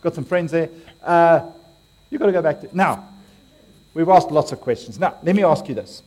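Australian man preaching, high voice, very lively pitch, jokey, quizzing the crowd. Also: normal speed. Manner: playful, joking, quizzing the audience. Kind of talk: interactive sermon to a congregation.

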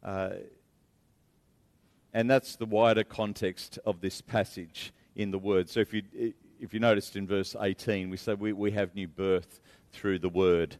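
A man's voice: on the low side, little pitch movement, unhurried, darkish tone. A man preaching a sermon in a church, earnest and repeating key phrases for emphasis. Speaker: pastor.

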